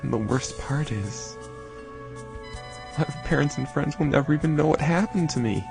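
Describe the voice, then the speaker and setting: Hopeless young woman, a man doing a soft higher voice, quiet and despairing. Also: expressive, moderate pace, vocal fry. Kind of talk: reading game dialogue aloud. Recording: faint game music behind.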